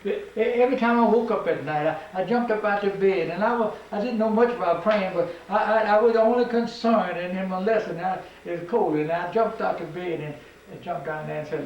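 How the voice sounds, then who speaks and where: An older man tells stories in a fervent, preacher-like way as a museum tour guide. His voice is high and gravelly. He is recorded from a distance in an echoing indoor room. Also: brisk, hardly any pauses, lo-fi sound, slight background noise. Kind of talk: oral storytelling. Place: old house museum, indoors.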